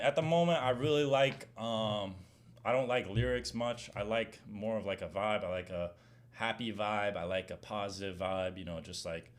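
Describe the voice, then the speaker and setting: Young male streamer, casual slangy Q&A voice, animated rants. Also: on the low side, moderate pace. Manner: animated slang-heavy rant, gets loud when heated. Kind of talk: casual Q&A chat.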